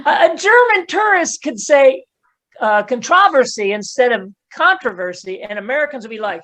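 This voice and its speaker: A woman's voice: high voice, lively intonation, moderate pace, a bit bright. A woman comedian doing a stand-up set over a video call, chatty and laughing at her own jokes.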